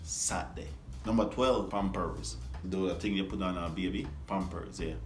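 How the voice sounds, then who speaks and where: A man from Jamaica with a Jamaican accent, casually vlogging about pronunciation in a playful way, chuckling and repeating words slowly. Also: low voice, echoey room, soft background music. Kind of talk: casual vlog explaining pronunciation.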